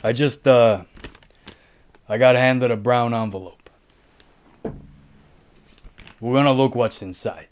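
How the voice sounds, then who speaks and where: A man co-hosting a casual book show, jokey and unhurried, with some swearing. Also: medium pitch, a faint crowd, a little hiss or hum. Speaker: co-host. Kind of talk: casual chat.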